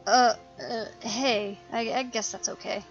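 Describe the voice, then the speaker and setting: Woman voicing a shy stammering teenage girl, soft and hesitant, lo-fi, faint music. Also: fairly high pitch, steady tone, measured pace. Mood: timid.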